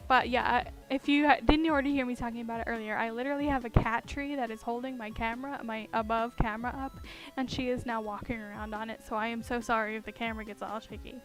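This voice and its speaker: A young woman with a high, light voice rambles at her home desk. She talks casually and giggles often, with plenty of fillers along the way. Faint music plays behind her. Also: steady tone, quick pace. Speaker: streamer. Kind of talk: casual chat while carving pumpkins.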